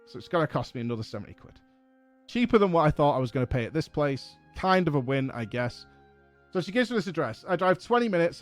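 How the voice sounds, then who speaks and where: A man streaming a game from home, telling a story in a casual, animated, exasperated way and swearing often. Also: a little high.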